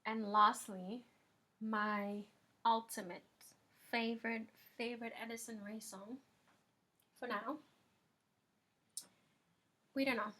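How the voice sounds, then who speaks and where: Young woman vlogger, relaxed chatty review from her bedroom, slightly high voice, slow delivery. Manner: chatty, lots of filler ums. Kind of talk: casual music review vlog. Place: bedroom at home.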